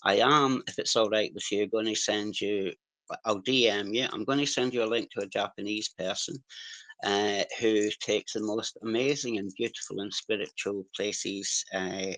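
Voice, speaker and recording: A man with a strong regional accent speaking on a live audio chat, halting and apologetic, restarting his sentences often. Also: lowish voice, steady tone, a bit bright, dry recording, rough recording. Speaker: caller sharing experiences. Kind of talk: casual hesitant sharing on a live audio chat.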